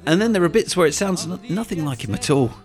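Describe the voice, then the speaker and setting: A man hosting a podcast, presenting scripted narration in a measured, even-handed way. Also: fairly high pitch, faint music behind. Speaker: podcast host.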